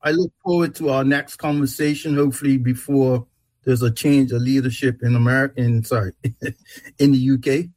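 A man hosts a casual radio talk show, leaning on his words and stretching them out at an easy pace. His voice sits in a middle pitch. The sound is dry and close, with no room around it. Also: steady tone, a little fast, darkish tone, dry recording, rough recording. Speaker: host.

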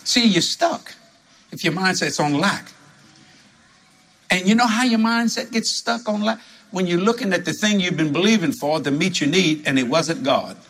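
A man from New preaching a sermon full of stories, animated and laughing as he talks, jumping to high exclamations. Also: moderate pace. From New Orleans.

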